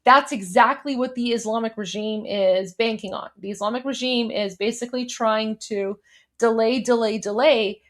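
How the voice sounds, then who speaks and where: A woman's voice: on the high side, normal speed. Chatty woman hosting a political livestream. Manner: chatty, repeats words and restarts while coaching pronunciation; emphatic, insistent when arguing. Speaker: livestream show host. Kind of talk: casual political commentary livestream.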